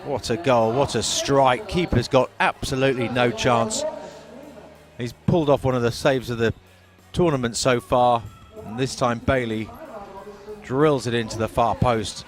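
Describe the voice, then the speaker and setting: Male co-commentator, mid-pitched, measured analytical reads, music audible under the voice. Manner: measured, analytical, punchy exclamations.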